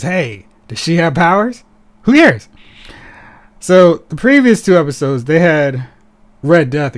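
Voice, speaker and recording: A man hosting a podcast in casual chat, animated and sarcastic, mocking characters as he talks. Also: on the high side. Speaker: podcast host.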